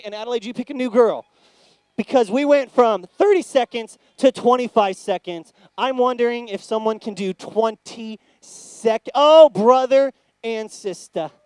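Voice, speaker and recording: A man teaching a lively Bible lesson to young children in church, playful and excitable. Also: very high-pitched, clean tone, no room sound. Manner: excitable, playful, loud cheers.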